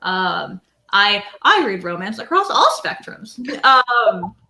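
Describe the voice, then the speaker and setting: An enthusiastic woman chats on a video call in a bright, clear voice of middle pitch. She rambles warmly, peppering her sentences with "like". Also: sing-song, takes it slowly. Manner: chatty, lots of "like" fillers, enthusiastic. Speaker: indie bookseller guest. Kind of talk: casual chat.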